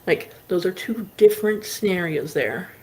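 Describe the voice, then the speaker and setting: A woman's voice: on the low side, normal speed. A woman livestream host casually telling a rambling story, full of "like" fillers. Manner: animated anecdote telling.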